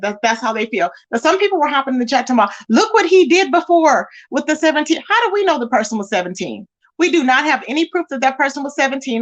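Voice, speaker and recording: A woman's voice: high-pitched, a bit bright. A woman hosting a casual livestream, greeting viewers by name and reading their comments aloud in an emphatic, repetitive way. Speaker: livestream host.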